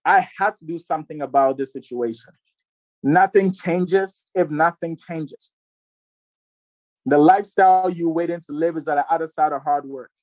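A man in his twenties giving a preachy, repetitive motivational sales pitch to listeners on a group call. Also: normal speed, darkish tone, dry recording. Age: 20s. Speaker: network marketing presenter.

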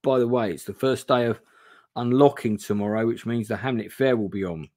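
A man's voice: mid-range voice, brisk, a little mellow, lightly acted. Man reading a grumpy stablekeeper's advice. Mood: advising. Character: gruff older male stablekeeper giving advice.

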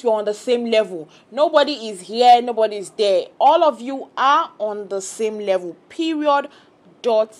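Opinionated woman recapping reality TV. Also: on the high side. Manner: chatty, opinionated, animated quoting of cast members. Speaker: reality TV commentator. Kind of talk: casual reaction vlog.

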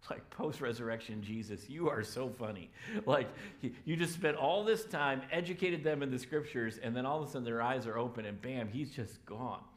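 A man's voice: medium pitch, normal speed. A man preaching a sermon as a pastor in a church, telling the story casually and acting out the voices of the people in it. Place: church sanctuary.

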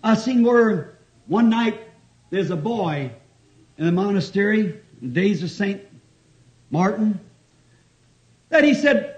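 A man, exclaiming and chuckling as he drives each point home. His voice sits high and leaps up and down with feeling. The old 1960s tape makes it sound muffled and dull. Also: expressive, a little mellow. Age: 50s. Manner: fervent, exclaiming, quick to chuckle. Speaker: preacher. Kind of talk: fervent sermon. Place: church before a responding congregation.

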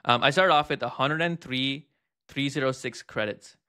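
A man hosting a casual hands-on review, chatting and thinking aloud with fillers and quick asides. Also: medium pitch, sharp tone, smooth. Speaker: host reviewing text-to-speech tools.

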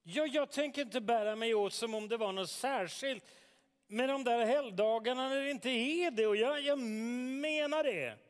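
A man's voice: very high-pitched, normal speed, big-room sound. An actor in a radio drama playing a defiant young man in a heated, scornful family argument. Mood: arguing. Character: defiant young man arguing with his father.

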